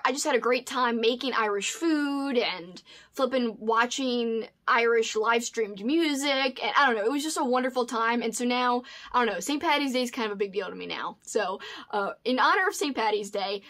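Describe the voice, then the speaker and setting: A woman's voice: a little high, fairly quick, a bit bright. A woman hosting a casual book vlog, chatty and rambling with lots of asides. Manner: chatty, rambling, says "flippin'" often. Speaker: host.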